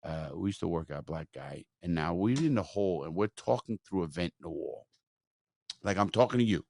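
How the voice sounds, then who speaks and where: A man hosting a podcast, telling a story in a blunt, profane, animated way. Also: low-pitched, brisk, gravelly, slight background noise. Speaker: podcast host.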